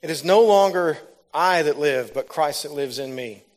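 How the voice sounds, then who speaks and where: A man's voice: on the high side, normal speed. A man giving a sermon, telling a personal testimony that builds into fervent preaching. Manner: storytelling, rises to loud fervent preaching.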